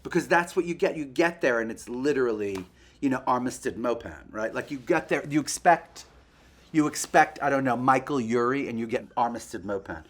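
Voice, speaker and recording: A man hosting a show, chatting in a gossipy comic monologue to a puppet and breaking into quick impressions. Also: mid-range voice, animated, fairly bright tone. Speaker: host.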